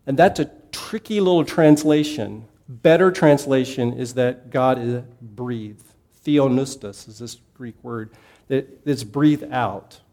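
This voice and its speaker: Mellow-voiced man teaching a Bible class. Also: mid-range voice, vocal fry. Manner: conversational, asks the class questions, repeats key points.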